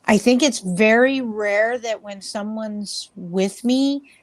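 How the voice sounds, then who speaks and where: A chatty woman guest in an interview, rambling through her paranormal investigations with plenty of fillers and lively quoted voices. Her voice sits at an ordinary middle pitch and sounds close and dry, with little room sound. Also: slow pace, dry recording. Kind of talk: casual interview storytelling.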